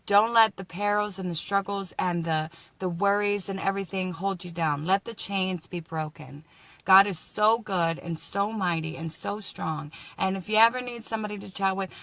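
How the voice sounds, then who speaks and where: Woman vlogger, warm encouraging preacher-style chat, chatty with restarts, crisp bright tone. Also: medium pitch, no echo. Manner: chatty, encouraging, faith-filled, frequent restarts. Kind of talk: casual inspirational live chat.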